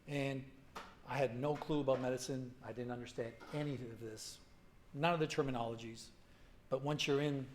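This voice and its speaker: A man in his forties telling his own story to a symposium audience, halting and emotional, full of restarts and fillers. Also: medium pitch, a little hiss or hum. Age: 40s. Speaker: patient speaker at a medical symposium. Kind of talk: personal story told to an audience. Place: conference hall.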